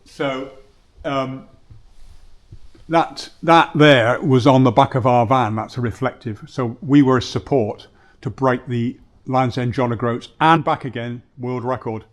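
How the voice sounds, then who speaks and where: A man's voice: medium pitch, steady tone, a little slow. A man who runs a bike shop, reminiscing casually on camera in his shop, rambling with many fillers and restarts and acting out remembered conversations. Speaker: bike shop owner and vlogger.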